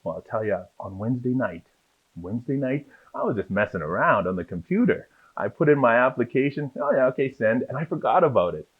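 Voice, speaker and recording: A man telling lively stories about his acting career in a casual interview, acting out the people in them. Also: mid-range voice, brisk, breathy edge. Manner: animated storyteller, acts out voices in his anecdotes. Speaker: guest, actor. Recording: dull lo-fi sound.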